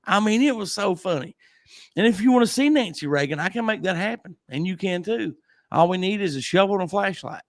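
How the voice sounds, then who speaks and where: Guy host rambling thru stories, kinda high voice, laughs a lot, dry close mic. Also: expressive, fairly quick, no room sound. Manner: rambling storyteller, laughs often. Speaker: podcast host. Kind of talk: casual livestream chat.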